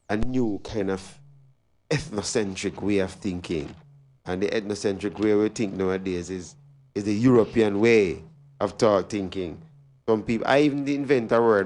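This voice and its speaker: A man's voice: lowish voice, a little mellow, a little hiss or hum. A man with a Jamaican accent hosting a talk radio show, speaking in an emphatic, preachy way and repeating his key phrases. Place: radio studio.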